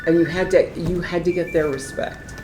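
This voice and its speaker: An older woman, a retired transition specialist, telling lively anecdotes in an oral history interview. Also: moderate pace, music in the background. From Ohio, United States. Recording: echoey room with faint rumble.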